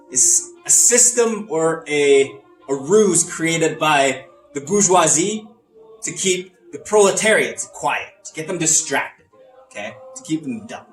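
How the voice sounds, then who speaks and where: A man playing a grandiose communist in a comedic lesson skit, lecturing in a drawn-out, emphatic way. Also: on the high side, sing-song, a bit bright, full character voice. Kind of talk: comedic educational role-play. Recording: roomy echo, off-mic, faint music.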